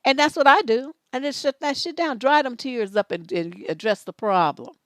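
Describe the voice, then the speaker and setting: A woman's voice: high voice, expressive, moderate pace, a bit bright, dry recording. A middle-aged woman hosting a live relationship advice stream, blunt, profane and scolding, acting out both sides of conversations. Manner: acts out both sides of dialogues.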